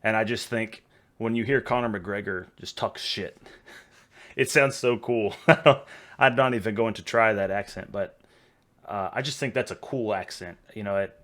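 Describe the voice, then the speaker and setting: Texan guy host, low-pitched, rambling casual reactions, a bit tipsy. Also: measured pace, fairly bright tone. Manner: rambling, chatty, laughs easily.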